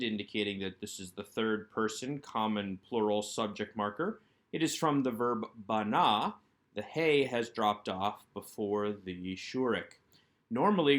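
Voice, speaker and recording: A Hebrew instructor with a lowish male voice teaches a recorded workbook lesson. He goes through each item methodically, asking a question and then answering it.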